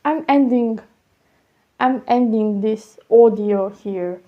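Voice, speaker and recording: A woman rambling casually in an audio diary, swearing and halting as she wraps up. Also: a little high. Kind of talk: casual spoken musing. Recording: dull lo-fi recording.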